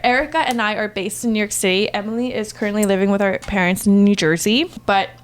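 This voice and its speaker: A woman in her twenties chats loosely on a podcast, rambling and giggling as she talks. She fills her sentences with casual fillers and sounds relaxed among her sisters in a studio. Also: mid-range voice, fast. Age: 20s. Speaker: podcast co-host, eldest sister. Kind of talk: casual chat.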